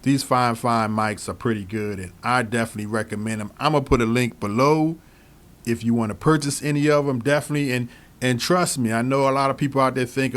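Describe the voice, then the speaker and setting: Relaxed man reviewing studio mics. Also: medium pitch, brisk. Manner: relaxed, repeats phrases, talks straight to viewers. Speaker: DJ reviewing microphones. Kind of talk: casual product review. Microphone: studio microphones he switches between.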